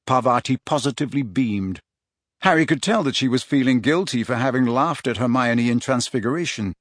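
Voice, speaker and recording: A man reading a novel aloud as narrator, in measured, expressive storytelling. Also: mid-range voice, no room sound, studio quality. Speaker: audiobook narrator. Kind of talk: scripted narration.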